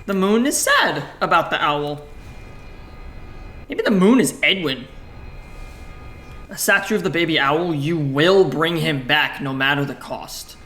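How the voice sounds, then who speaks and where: A bright, clear-toned man talks through a text adventure, reading its lines aloud and reacting with casual, profane asides. The recording carries a faint hiss underneath. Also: on the high side, measured pace, pauses often. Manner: casual, swears, jokey self-talk; reads game text aloud in a flat voice. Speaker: gaming streamer. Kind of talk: let's play commentary, reading game text aloud.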